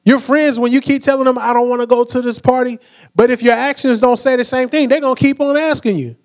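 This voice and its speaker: A man's voice: very high voice, fairly even intonation, fast. A young man preaching a sermon with energy, acting out quoted voices and asking the crowd to say words back.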